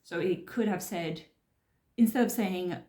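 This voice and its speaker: A woman's voice: on the low side, measured pace, mellow. Woman talking through a book in a roomy echo. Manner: thinks aloud, explaining step by step. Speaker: channel host discussing a self-help book. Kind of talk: casual spoken book commentary.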